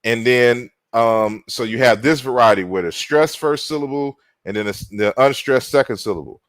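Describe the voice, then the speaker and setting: A man giving an online lecture and walking through slides, talking in an unhurried way with many fillers and restarts. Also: medium pitch, no room sound. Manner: unhurried, frequent "you know" fillers and restarts.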